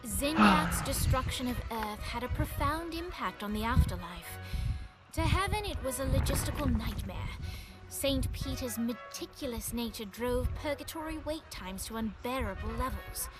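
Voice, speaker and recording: A woman's voice: a little high, lively intonation, normal speed, close to an everyday voice, low-quality recording. A woman giving scripted video game story narration with a dry, sardonic delivery. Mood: wry. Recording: game audio over loud music.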